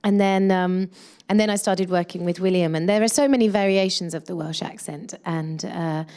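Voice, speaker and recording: A woman's voice: on the low side, steady tone, moderate pace, a little mellow. A woman in her thirties, an actress chatting casually in a press interview, with many fillers and restarts.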